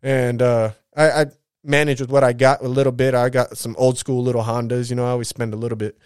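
A man in his thirties talks through his own story in a loose, rambling vlog, blunt and heavy on swearing and slang. His voice is smooth and clear at a middling pitch. It sounds close and dry, with no room around it. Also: little pitch movement, fast talker, a little mellow, no echo. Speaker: vlogger telling his life story. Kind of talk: casual confessional monologue.

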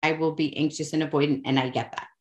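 A woman's voice: deep voice, steady tone, quick pace, lo-fi sound. Woman chatting on a podcast from home, open and candid, a bit self-mocking. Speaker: podcast guest. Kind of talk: candid personal conversation.

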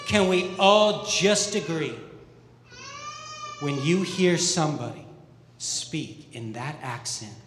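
Upbeat preacher in an echoey hall. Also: male voice, on the high side, noisy background. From American Midwest. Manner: upbeat, joking, conversational. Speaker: pastor. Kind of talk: sermon. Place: church auditorium. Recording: echoey hall with long reverb.

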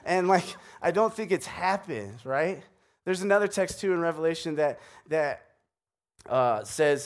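Joking, relaxed male pastor preaching. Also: a little high, a little slow. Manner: conversational, joking, relaxed storytelling. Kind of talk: sermon. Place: church sanctuary.

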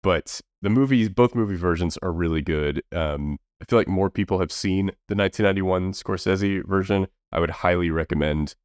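A low-voiced man co-hosts a podcast, chatting casually about movies at a moderate pace with few pauses. His tone is a little mellow, and the studio-quality recording has no room sound. He rambles through his reviews, full of fillers and restarts.

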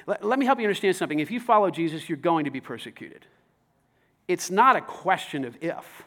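High-voiced man preaching with dynamic swings. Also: expressive, brisk, pushed and bright. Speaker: pastor. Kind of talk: sermon.

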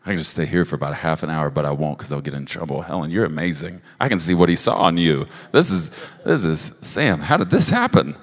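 A man giving personal prophetic words to a couple at a church service, halting and earnest, with frequent restarts. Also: rumbling low, animated. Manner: halting, with restarts and soft asides. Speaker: prophetic minister. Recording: long hall reverb.

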